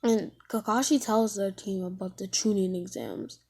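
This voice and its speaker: A woman's voice: mid-range voice, fairly even intonation, normal speed, a little mellow, husky. A woman casually retelling a fan-fiction story as a YouTube storyteller, rambling along with lots of "like" fillers.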